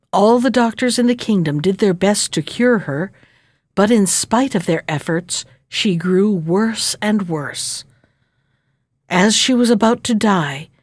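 A woman narrating a fairy tale in a gentle, measured reading voice. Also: medium pitch, no room sound.

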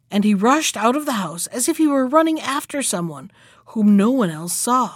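A woman storyteller reading a fairy tale aloud in an expressive, measured way. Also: fairly high pitch, no room sound, clean studio sound.

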